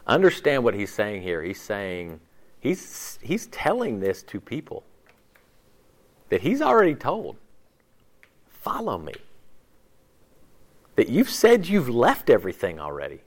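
Animated man preaching a casual sermon. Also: medium pitch. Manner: animated, conversational preaching with quick voiced asides. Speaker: pastor.

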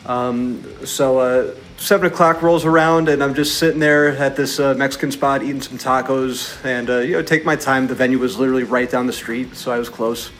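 A man, a touring musician, telling a story in a relaxed, conversational way with lots of fillers. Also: medium pitch, normal speed, hardly any pauses, a little hiss or hum. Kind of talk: casual storytelling.

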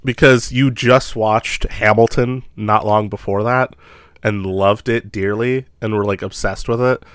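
A man's voice: lowish voice, fairly even intonation, unhurried, fairly bright tone, smooth, no echo, clean studio sound. Upbeat man co-hosting a podcast. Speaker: podcast co-host. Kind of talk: casual chat.

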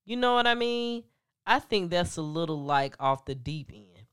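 A woman's voice: fairly low pitch, expressive, normal speed, fairly bright tone, clean tone. A woman hosting a podcast with casual gossip commentary, laughing often, swearing freely and talking to her listeners directly. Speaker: podcast host.

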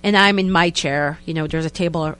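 A young woman, a guest telling a story in a lively, casual way and acting out what people said. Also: low voice, a little fast, clean tone. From Israel. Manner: animated, acts out quotes in other voices, many "like" fillers.

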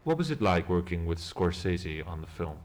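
A man interviewing an actor in a mock interview, asking questions in a measured, formal way. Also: deep voice, very animated.

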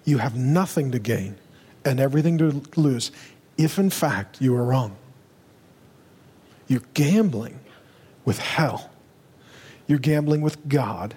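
A male pastor preaching a sermon with urgency, driving home his points and rising to loud, emphatic peaks. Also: mid-range voice, takes it slowly, long pauses, slightly rough. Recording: long reverb of a large hall.

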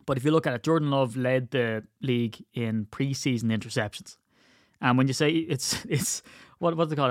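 Man, podcast host, casual rambling chat, playful, middle pitch, dry close sound. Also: no room sound. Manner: rambling, playful storyteller who breaks into put-on voices. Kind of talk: casual solo podcast talk.

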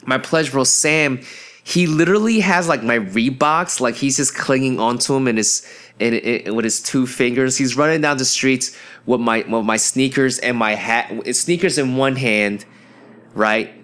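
A young man hosting a podcast, telling a story in a rambling, profane and excitable way, full of fillers and restarts, and jumping into high yelps when he acts out his friends. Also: measured pace. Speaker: podcast host. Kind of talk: casual storytelling monologue.

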